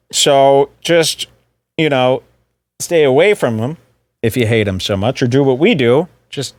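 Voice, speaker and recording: A man's voice: mid-range voice, slow, long pauses, no room sound. A man hosting a podcast, riffing in casual, mocking commentary. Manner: sarcastic, mocking, lively delivery. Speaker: podcast host.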